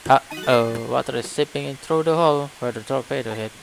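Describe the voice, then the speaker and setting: A man's voice: mid-range voice, fairly quick, gravelly, natural voice, rough recording. An Indonesian-accented man reading the lines of a dry, curious male ghost in a game, in a wry, musing way. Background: game music.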